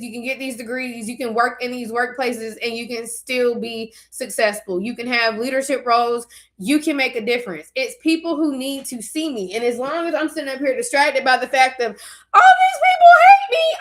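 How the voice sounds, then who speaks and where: A young woman shares her faith in a casual vlog, talking frankly and turning to her viewers as if chatting with friends. Her voice sits a touch high and rings bright and forward. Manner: candid, conversational, addresses viewers directly. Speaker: faith vlogger.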